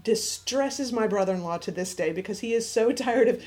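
A woman in casual chat, chiming in with quick agreement and laughing easily. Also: a little high, darkish tone.

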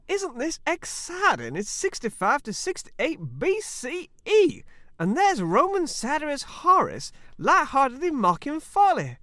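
A man's voice: high voice, pushed and bright, no room sound, clean studio sound, pitched above the performer's own voice, full character voice. A man playing an eager, folksy, old-fashioned angel-like helper in a put-on accent in a comedy sketch.

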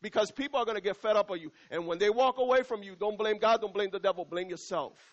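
A middle-aged man preaching a sermon as pastor in a church, talking conversationally and slowing down to repeat key lines. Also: sits high, muffled recording.

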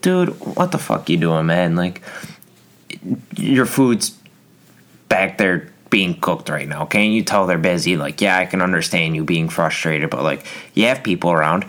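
A man's voice: deep voice, moderate pace, few pauses, a bit bright. A young man hosting a solo podcast, rambling through a casual rant with lots of fillers and restarts. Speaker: podcast host.

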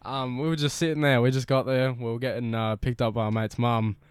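A man's voice: medium pitch, level tone, fairly quick, clear, resonant tone, no room sound. A young man with an Australian accent, telling a story in casual chat and swearing heavily.

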